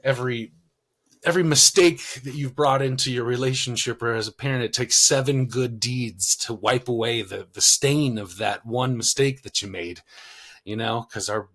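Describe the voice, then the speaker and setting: Man, podcast co-host, casual storytelling, lots of "you know", mid-pitched voice. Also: normal speed. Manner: rambling, many fillers, animated when quoting himself.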